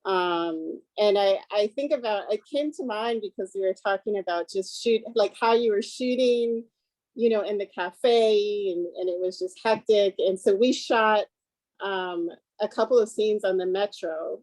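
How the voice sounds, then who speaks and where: Female host for a casual film chat, dry close sound, easy laughs, gentle questions. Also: mid-range voice, measured pace, no room sound, rough recording. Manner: warm listener, laughs often, gentle questions.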